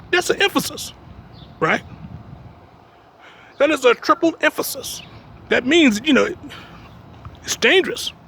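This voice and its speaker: Man, religious teacher; very high, bright gravelly voice, lively swings, blunt emphatic preaching. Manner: emphatic, repeats "you understand me?"; blunt, streetwise, jokes between points. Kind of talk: preaching talk.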